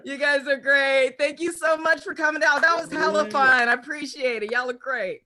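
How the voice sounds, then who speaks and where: A woman performing a brash, profane stand-up comedy set with animated storytelling. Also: high voice, moderate pace, hardly any pauses, noisy background.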